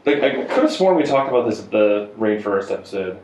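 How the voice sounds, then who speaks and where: Podcast co-host, man, low voice, chatty with quick asides, roomy echo. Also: very animated, darkish tone. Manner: quick asides, laughs easily. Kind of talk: casual chat. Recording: echoey room.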